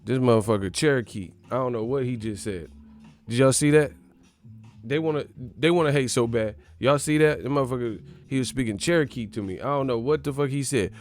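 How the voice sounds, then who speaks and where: A man's voice: mid-range voice, brisk, darkish tone. A man ranting on a boxing livestream, profane and mocking as he reacts to his chat. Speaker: boxing channel streamer. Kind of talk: casual livestream rant.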